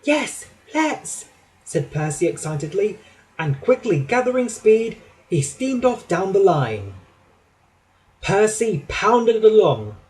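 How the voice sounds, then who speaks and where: Unhurried, expressive male storyteller. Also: sits high, low-quality recording. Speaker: storybook narrator. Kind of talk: children's storybook narration.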